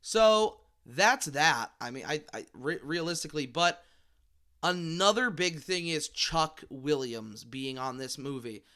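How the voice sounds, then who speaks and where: A man's voice: fairly high pitch, lively intonation, measured pace, pushed and bright, smooth. A young man vlogging a casual, rambling rant and tripping over his words. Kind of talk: casual ranting commentary.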